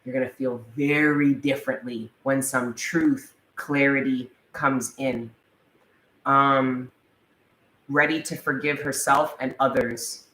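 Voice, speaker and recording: A woman giving a casual tarot reading in a chatty manner, swearing freely and reading the card text slowly. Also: very deep voice, steady tone, fairly bright tone. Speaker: tarot reader. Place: indoors, room with a live wasp. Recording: echoey room, faint background noise.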